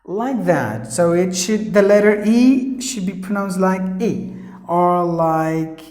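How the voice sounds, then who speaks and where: A man with an Indian English accent teaching pronunciation, spelling out sounds and repeating words slowly and earnestly. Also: sits high, a little mellow, roomy sound. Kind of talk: pronunciation lesson. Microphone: camera operated by his wife.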